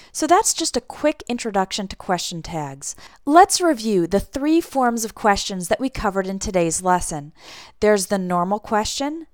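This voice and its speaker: A woman teaching an English lesson, speaking clearly and deliberately as she explains and models example phrases. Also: medium pitch, no room sound, clean studio sound. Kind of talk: scripted language lesson.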